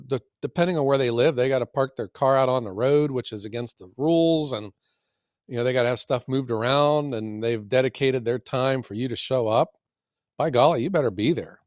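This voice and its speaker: A man co-hosting a casual podcast, telling stories in a folksy, animated way. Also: medium pitch, no echo, clean studio sound. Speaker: podcast co-host and firewood seller.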